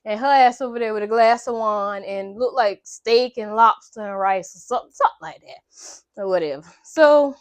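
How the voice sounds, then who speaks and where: A woman casually recapping a movie in a chatty, animated, slangy way, cursing freely. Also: a little high, normal speed, dry recording. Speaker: vlogger.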